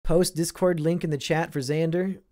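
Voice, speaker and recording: A man's voice: fairly high pitch, fairly even intonation, moderate pace, a little mellow. A young man from Iowa hosting a casual live stream, reading and answering chat with sardonic, profane banter.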